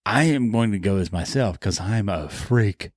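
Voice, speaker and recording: A man's voice: on the low side, animated, moderate pace, a little mellow, no room sound, studio quality. A man co-hosting a casual podcast, playful and teasing with crude banter. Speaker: podcast co-host.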